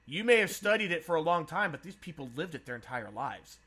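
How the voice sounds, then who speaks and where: A man's voice: on the high side, sing-song, brisk, noisy background. A man from San Diego hosting a casual podcast chat, swearing freely and laughing often. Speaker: podcast host.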